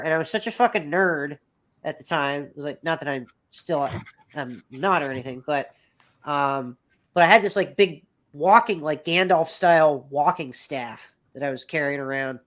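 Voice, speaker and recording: A man's voice: a little high, normal speed, a bit bright. Rambling, swearing man in his thirties. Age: 30s. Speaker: podcast guest. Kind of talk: casual storytelling.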